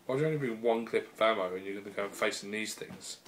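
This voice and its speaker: A man's voice: fairly low pitch, fast. A man giving a casual, rambling spoken review on a laptop mic, peppered with fillers and swearing. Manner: rambling and profane, full of fillers. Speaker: video reviewer.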